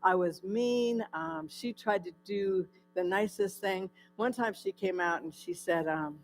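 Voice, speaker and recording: A woman's voice: mid-range voice, expressive, a little slow, vocal fry, faint music behind, poor audio. A woman giving her personal testimony at a church in a candid, conversational storytelling way. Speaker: guest speaker sharing her testimony.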